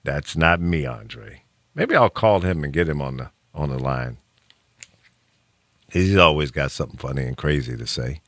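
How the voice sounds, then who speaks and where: Deep-voiced, animated talk show man. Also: normal speed, long pauses, dry recording, clean studio sound. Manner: opinionated, animated, chuckles often, frequent restarts. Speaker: radio talk show host. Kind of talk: casual talk show banter.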